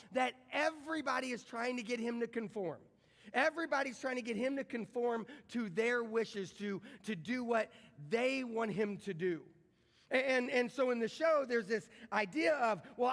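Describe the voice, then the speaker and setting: Middle-aged man, high-pitched, chatty sermon delivery, church livestream with a long hall echo. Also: fairly bright tone. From American Midwest. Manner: conversational, repeats words, asks the crowd questions. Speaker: pastor. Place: large church sanctuary.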